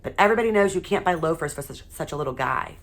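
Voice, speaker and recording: A woman teacher reading a children's chapter book aloud in a steady, expressive way. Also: low-pitched, very fast.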